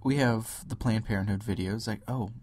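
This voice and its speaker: A man's voice: medium pitch, lively intonation, measured pace, darkish tone, no room sound. A young man hosting a solo podcast, ranting and mocking other views with impressions and sudden whispers. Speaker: podcast host. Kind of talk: solo political rant.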